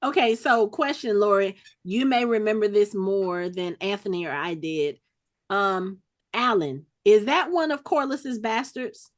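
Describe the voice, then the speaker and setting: A woman's voice: mid-range voice, unhurried. Woman musing aloud on a podcast. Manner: thoughtful, speculating out loud with many restarts. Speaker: podcast host. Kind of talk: casual chat.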